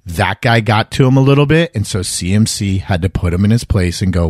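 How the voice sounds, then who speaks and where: A man's voice: fairly low pitch, a little fast, dry recording, clean studio sound. A middle-aged man co-hosting a sports betting podcast, chatting casually and animatedly, acting out quotes. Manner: animated, jokey, acts out quotes. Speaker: podcast co-host giving betting picks.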